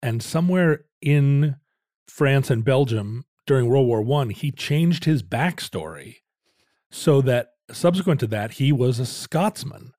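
A man's voice: mid-range voice, animated, unhurried, warm tone, no echo. A middle-aged man casually telling a rambling family story with dry jokes on a podcast.

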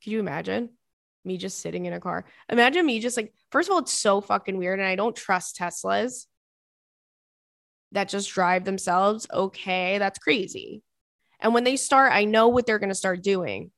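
A woman in her thirties hosts a podcast from a dry, close-miked setup, reading listener emails aloud and riffing on them. Her mid-range voice carries a lot of gravelly fry. She talks loosely, swears freely and drifts into rambling asides. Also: medium pitch, normal speed, a bit bright, no echo. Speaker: podcast host.

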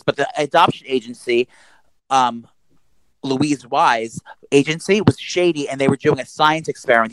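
A man around forty, co-hosting a casual podcast chat and telling stories quickly, with crude language and loud acted-out quotes. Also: medium pitch, no echo, low-quality recording. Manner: rapid, profane storytelling with loud acted-out quotes. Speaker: podcast co-host.

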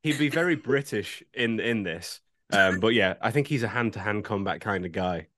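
A man's voice: fairly low pitch, lively intonation, moderate pace, a bit bright. A man co-hosting a casual podcast, playful and fond of spinning comic scenarios. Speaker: podcast co-host. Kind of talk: casual panel chat.

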